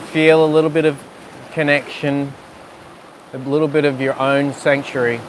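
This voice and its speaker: Slow, gentle yoga teacher by the sea. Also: male voice, a little high, slight background noise. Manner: slow, gentle, soothing cues with pauses. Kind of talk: guided yoga and breathing instruction. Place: outdoors on rocks by the sea.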